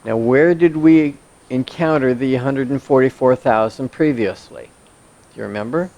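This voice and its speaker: Guy teaching bible study, reads verses then explains them, casual asides, middle-pitched voice. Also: normal speed, gravelly, mellow.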